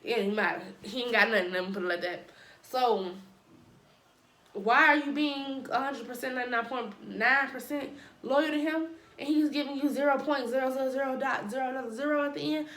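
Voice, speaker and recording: A woman's voice: high-pitched, fairly quick, a bit bright, roomy sound. A woman vlogger telling a personal story in a casual way, with dramatic asides and playful sound effects.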